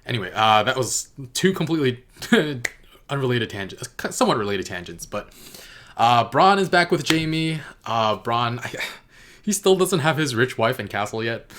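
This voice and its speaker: A man's voice: mid-range voice, very animated, moderate pace, fairly bright tone, a little hiss or hum. A man giving a casual spoken review of a TV episode, rambling and hesitant with many fillers and self-corrections. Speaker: TV reaction reviewer.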